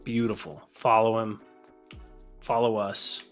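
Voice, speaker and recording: A man co-hosting a wrestling podcast, chatting casually in a relaxed, joking way that often trails off. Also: on the low side, takes it slowly, soft background music. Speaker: podcast co-host.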